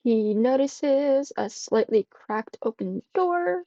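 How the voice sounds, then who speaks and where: Female game master, mellow higher voice, steady descriptive narration, dull lo-fi audio. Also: takes it slowly, no echo.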